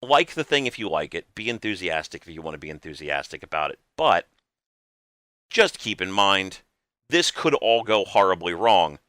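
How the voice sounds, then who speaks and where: A male podcast host with a bright, crisp voice speaks earnestly and with emphasis, dropping casual swears. The sound is dry and close, with no room around it. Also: low voice, sing-song, normal speed, dry recording.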